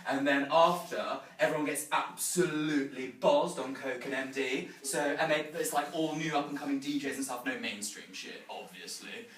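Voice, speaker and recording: A smug, trendy hipster, as a man puts him on in a stage comedy, whose drawl is low and mumbled and full of ums. The roomy space echoes around him, and the mic is far off. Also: moderate pace, few pauses, fairly bright tone, lightly acted. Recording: roomy sound from a distant mic.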